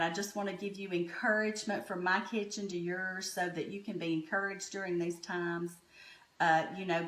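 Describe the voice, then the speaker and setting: A middle-aged woman with a Southern American accent, chatting homey and folksy while cooking in her home kitchen. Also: mid-range voice. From Southern United States. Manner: homey, chatty, warm-hearted storytelling. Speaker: home cook host. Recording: echoey kitchen room.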